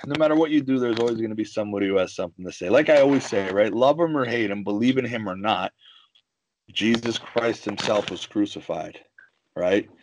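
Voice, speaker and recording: A man talking in a casual, animated way, telling stories full of restarts and "you know" asides. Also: on the low side, brisk, slight background noise. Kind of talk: casual storytelling chat.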